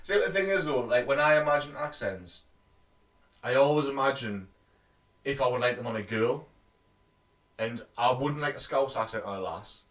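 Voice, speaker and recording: A man's voice: mid-range voice, lively intonation, normal speed, long pauses, fairly bright tone. A man from North East England, co-hosting a podcast and giving blunt, teasing opinions. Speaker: podcast co-host. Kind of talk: casual chat.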